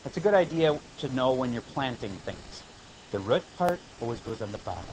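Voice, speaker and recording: A man teaching high school math in a classroom lecture, explaining steps plainly and breaking off into joking asides. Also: very animated, a little fast, noisy background.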